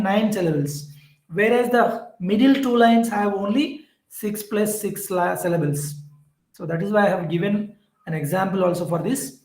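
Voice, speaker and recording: High-voiced lecturer in an echoey room. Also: male voice, a little mellow. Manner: explains step by step, repeats key terms, corrects himself. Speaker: English literature teacher. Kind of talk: online exam-prep lecture.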